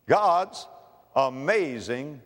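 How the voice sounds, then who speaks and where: Emphatic preacher in a reverberant hall. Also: male voice, medium pitch, animated, very slow. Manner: emphatic, pleading, swelling to loud exhortation. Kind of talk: evangelistic sermon.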